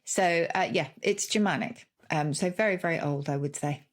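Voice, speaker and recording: A woman's voice: sits low, normal speed. A woman co-hosting a podcast in casual chat, explaining word origins and laughing easily. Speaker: podcast co-host.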